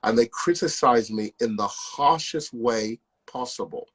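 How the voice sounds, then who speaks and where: A man's voice: medium pitch, measured pace, slightly rough, rough recording. A man telling a personal story on a call, acting out the dialogue from it as he goes. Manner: acts out the dialogue in his story. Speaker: speaker sharing testimony.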